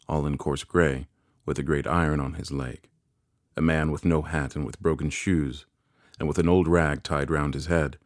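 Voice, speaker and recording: A man narrating a classic novel in a measured, deliberate reading. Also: a bass voice, steady tone, no echo, clean studio sound. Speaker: audiobook narrator.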